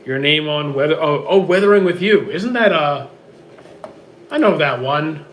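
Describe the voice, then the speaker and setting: A man with a hoarse, worn-out voice reads out viewer questions and answers them offhand in casual livestream chat from home. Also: a little high, expressive, moderate pace, a bit bright, a little hiss or hum. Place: home with roommates.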